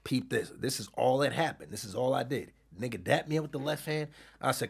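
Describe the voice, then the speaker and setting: A man telling a story in casual chat as a streamer being interviewed, swinging from quiet recounting to loud shouting. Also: mid-range voice, a little fast, gravelly, husky.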